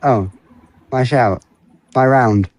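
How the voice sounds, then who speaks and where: A British man chatting on a casual live stream, giving short quick answers and chuckling often. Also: mid-range voice, a little mellow, no echo. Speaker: co-host.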